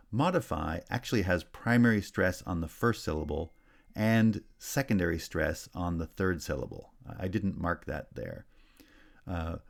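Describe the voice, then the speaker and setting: A man teaching a linguistics lesson, explaining clearly and checking in with "right?". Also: sits low. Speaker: linguistics instructor. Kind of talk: recorded lecture.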